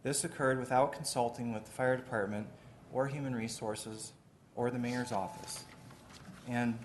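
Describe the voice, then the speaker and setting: A man, the mayor, giving a measured, deliberate formal address at a city committee meeting in a council chamber. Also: mid-range voice, fairly even intonation, a little hiss or hum.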